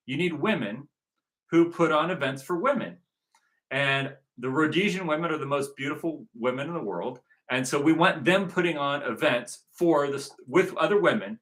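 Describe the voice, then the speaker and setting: Forceful rambling man from Southern California. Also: a little high. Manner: rambling and repetitive, circles back to points. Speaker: movement organizer. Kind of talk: rambling recruitment monologue.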